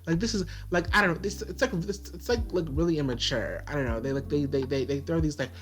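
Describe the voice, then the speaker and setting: Talking fast in a high, slightly bright voice, a man reviews a TV show in a casual video. His delivery is a sassy, exasperated rant, thick with the filler "like."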